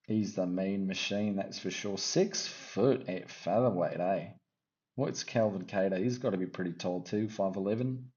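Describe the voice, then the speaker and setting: A man's voice: sits low, moderate pace, a little mellow, highs cut off. A man hosting casual fight predictions, rambling and teasing with jokey asides. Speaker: MMA fight-picks host.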